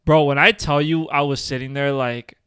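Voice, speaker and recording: A man's voice: a little high, fairly even intonation, normal speed, a bit bright, clean tone, no echo. Dry-sounding young man telling stories. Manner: laughing storyteller, heavy slang and fillers. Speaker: podcast co-host. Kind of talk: casual chat.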